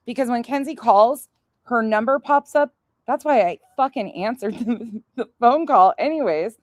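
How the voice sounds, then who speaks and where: A woman's voice: on the high side, no echo, studio quality. A woman hosting a casual livestream, brash and sarcastic, swearing often and laughing at her own stories. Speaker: streamer host. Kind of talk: casual profane livestream chat.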